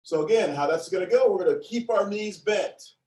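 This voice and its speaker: A man's voice: high-pitched, a little fast, darkish tone, roomy sound, far from the mic, poor audio. A man leading a seated exercise class, counting reps aloud and cheering participants on in a playful, encouraging way. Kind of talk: upbeat class instruction with counting.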